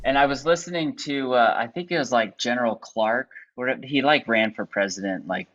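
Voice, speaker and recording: A man rambling in a casual group chat on a stream, animated when retelling. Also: mid-range voice, moderate pace, dull audio. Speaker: comedy troupe member, co-host.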